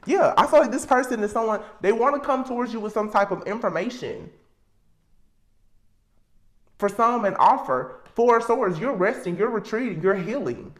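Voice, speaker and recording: A woman's voice: on the high side, moderate pace. A woman giving a casual tarot reading, talking emphatically and repeating herself as she thinks aloud. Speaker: tarot reader. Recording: roomy echo.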